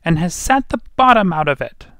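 A man voicing a tiny male bear cub with a sharp, shrill voice in a storybook reading. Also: sing-song, normal speed, no room sound, studio quality, exaggerated voice. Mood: indignant.

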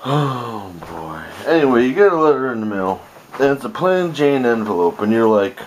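A man's voice: mid-range voice, big pitch swings, normal speed, a little hiss or hum. A man ranting in a home video, profane and exasperated, with frequent restarts. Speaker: vlogger.

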